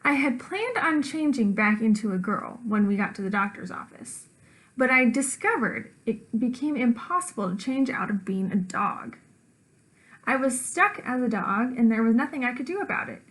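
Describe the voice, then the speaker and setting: A woman teacher reading a children's storybook aloud, with lively character voices and dog woofs. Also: on the high side, normal speed, low-quality recording.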